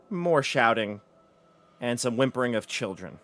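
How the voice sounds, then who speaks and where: Man, game master, chatty narration, mid-pitched voice. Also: unhurried, fairly bright tone, soft background music. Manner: chatty, self-correcting.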